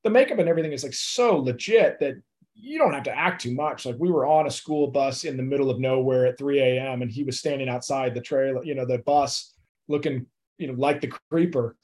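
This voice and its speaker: A man's voice: medium pitch, brisk, a little mellow. Laid-back young man chatting as a guest. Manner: laid-back, filler-heavy, laughs often. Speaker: actor guest. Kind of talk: casual interview chat.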